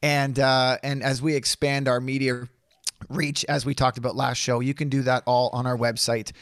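A man co-hosting a political podcast, relaxed and dryly sarcastic. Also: mid-range voice, moderate pace, dry recording, studio quality. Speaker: podcast co-host. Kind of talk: casual political talk.

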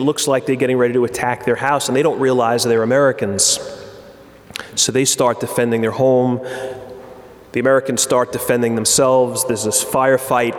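A man giving an earnest sermon, often restarting his phrases and reading passages aloud. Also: mid-range voice. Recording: echoey hall with long reverb.

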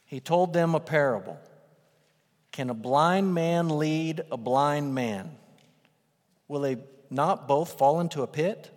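A man preaching a sermon in a conversational, emphatic way, swelling into loud bursts for emphasis. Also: a little high. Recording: reverberant hall.

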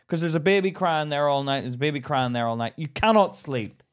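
A man's voice: on the high side, fairly quick, clean tone. A man with a British accent, co-hosting a podcast and telling a story in casual chat, imitating others as he goes. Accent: British English. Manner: animated, mimics others in a sing-song voice. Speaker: podcast co-host.

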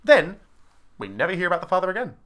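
A man co-hosting a podcast, chatting casually about theatre shows and acting out lines in quick put-on voices. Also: sits high. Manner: animated, acts out lines in quoted voices. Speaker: podcast co-host. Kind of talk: casual chat reviewing theatre.

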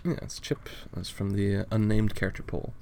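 A laid-back man with a fairly low voice talks through a comic page by page. He swears casually and laughs easily, and his delivery stays relaxed. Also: a little fast, creaky, a little hiss or hum. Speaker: podcast co-host. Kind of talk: casual chat reviewing a comic.

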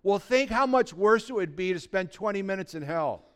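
A man delivers a sermon with blunt urgency and a string of rhetorical questions aimed at his listeners. His voice sits a little high and comes across smooth and resonant. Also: lively intonation, moderate pace. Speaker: pastor.

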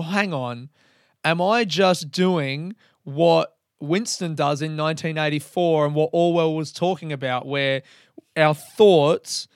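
A man's voice: on the high side, clear, resonant tone, no echo, studio quality. A man of thirty, hosting a solo podcast in a rambling, self-mocking way and swearing often. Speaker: podcast host.

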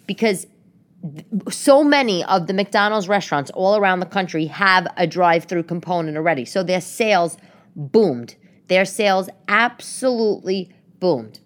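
A woman's voice: mid-range voice, fairly bright tone. A middle-aged woman from New York hosting a casual solo podcast, rambling through comic stories and asides. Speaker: podcast host.

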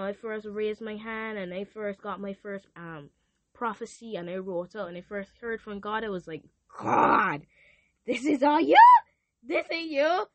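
A woman's voice: mid-range voice, no echo. A teenage girl hosting a podcast, speaking earnestly and confessionally in a casual talk about faith. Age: teens. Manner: earnest, confessional, animated quoting. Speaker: podcast host.

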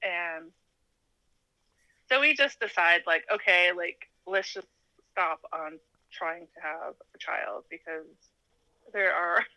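Bright-voiced woman telling a personal story. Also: lowish voice, slow, long pauses, no echo, rough recording. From Alaska. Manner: animated, laughs often, acts out quoted dialogue. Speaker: interview guest. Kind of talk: casual storytelling.

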